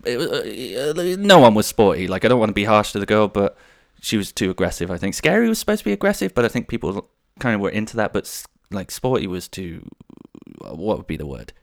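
A man's voice: on the low side, sing-song, a little fast, creaky, no room sound, studio quality. A man in his thirties hosting a podcast solo, rambling through jokey anecdotes. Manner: rambling, jokey, slips into silly voices. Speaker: podcast host.

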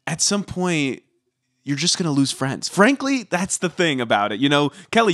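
Lively, opinionated man on a podcast. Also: fairly high pitch, moderate pace, no room sound, studio quality. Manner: animated, opinionated, teasing. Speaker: podcast co-host. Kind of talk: casual reality TV recap chat.

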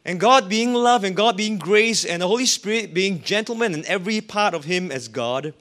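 A man's voice: high voice, expressive, moderate pace, a bit bright. A man preaching a sermon as a pastor, with an emphatic, rising and falling delivery.

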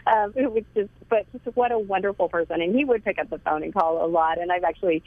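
A woman's voice: fairly low pitch, quick pace, dry recording. A woman author talks earnestly over a thin, phone-like line. Her tone is heartfelt and she laughs lightly between stories. The sound is dry and close, with no room around it. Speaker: author and interview guest. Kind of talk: phone interview.

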